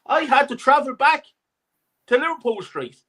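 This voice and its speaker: A man's voice: very high-pitched, animated, moderate pace, pushed and bright. A man who has travelled from Ireland, calling in with an angry, sweary rant about a match. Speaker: caller. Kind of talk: ranting fan anecdote.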